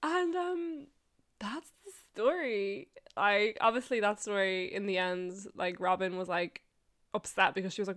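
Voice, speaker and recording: A young woman hosts a podcast and tells a story in a relaxed, chatty monologue. She speaks at a middle pitch and laughs often. She swears freely and fills her sentences with "like". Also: moderate pace, clean tone. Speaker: podcast host.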